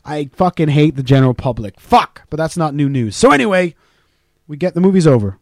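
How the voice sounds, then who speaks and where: A man co-hosting a casual podcast, telling stories with lots of swearing and loud acted-out quotes. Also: a little high, very animated, a little fast, no room sound, clean studio sound. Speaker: podcast co-host. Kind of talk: casual profane chat.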